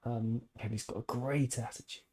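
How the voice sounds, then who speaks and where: Man, podcast host, casual live-stream chat, rambling, opinionated, jokey, mellow, slightly husky. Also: mid-range voice, steady tone, normal speed.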